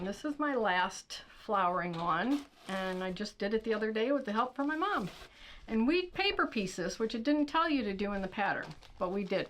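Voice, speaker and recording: A woman's voice: on the high side, slight background noise. Chatty woman unboxing quilting supplies. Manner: chatty, reads product blurbs aloud, thinks out loud with fillers. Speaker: quilting channel host. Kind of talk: casual unboxing chat.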